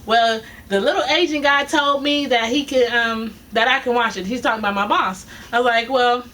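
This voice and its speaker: A woman's voice: a little high, normal speed, a bit bright. A woman telling a casual story, acting out both sides of an argument and laughing often. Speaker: vlogger telling a work story. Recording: distant mic with faint noise.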